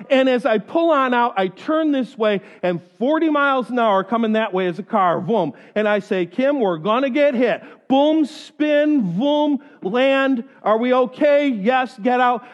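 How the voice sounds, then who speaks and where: High-voiced preacher in a reverberant hall. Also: male voice. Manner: animated storyteller, acts out other voices. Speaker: pastor. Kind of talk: sermon with personal stories. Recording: dull sound in a reverberant hall.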